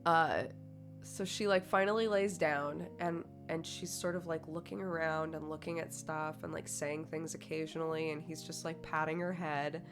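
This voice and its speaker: A woman's voice: sits low, fairly even intonation, normal speed, soft background music. A woman streamer chatting casually with her viewers, telling a story with lots of "like" fillers and bursts of laughter.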